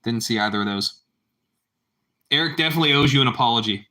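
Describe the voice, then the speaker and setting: Quick and mid-range, his voice sounds pushed and bright. The man, an adult parent, hosts a livestream where he casually chats with viewers, calls them bro, and tends to ramble and repeat himself.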